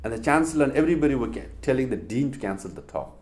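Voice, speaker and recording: At a racing pace and mid-range pitch, a middle-aged Tibetan-accented man delivers a public talk to university listeners. He tells stories animatedly, posing rhetorical questions along the way.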